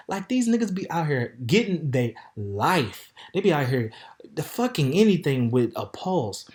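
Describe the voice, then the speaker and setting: Flamboyant, sassy man telling a story. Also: measured pace. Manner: flamboyant, sassy, animated, calls listeners "baby" and "honey"; swings from loud outbursts to low mutters. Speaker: podcast host. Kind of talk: casual storytelling monologue.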